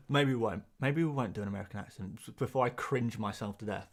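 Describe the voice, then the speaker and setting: Speaking a little fast in a voice on the low side, this English-accented host runs a live stream from a cramped, cupboard-like room. He rambles through viewer questions, pokes fun at himself, and frequently repeats words.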